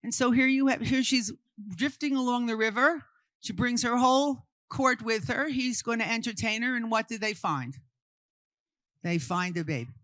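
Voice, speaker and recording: A woman's voice: a little high, fairly bright tone, dry recording. Brooklyn-born woman lecturing and quizzing a group. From Brooklyn, New York. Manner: quizzes the audience with quick questions, then answers them. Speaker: art history lecturer. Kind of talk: interactive talk to a live group.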